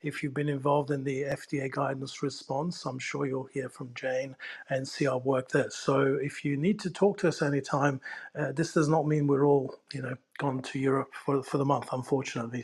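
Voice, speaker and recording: Husky man co-hosting a podcast. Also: mid-range voice, flat delivery, normal speed. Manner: dry, joking asides. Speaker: podcast co-host. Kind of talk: casual live podcast chat.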